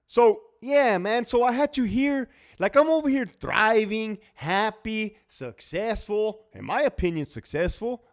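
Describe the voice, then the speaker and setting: Man, livestream host, casual rant, blunt, profane, laughs often, somewhat high voice. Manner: laughs often between lines. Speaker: livestream host, former prison officer.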